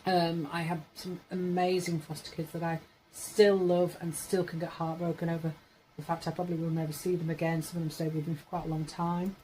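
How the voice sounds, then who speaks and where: A woman's voice: fairly low pitch, level tone, fairly quick, mellow, slight background noise, rough recording. A woman in her forties from Yorkshire, England, chatting casually to camera in a rambling way, correcting herself as she goes. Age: 40s. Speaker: vlogger.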